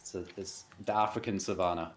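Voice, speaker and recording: A man hosting a comedy stream, making up a story on the spot in a halting, rambling way and laughing at himself. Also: low voice, fairly even intonation. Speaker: host and storyteller. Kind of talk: improvised comedy narration.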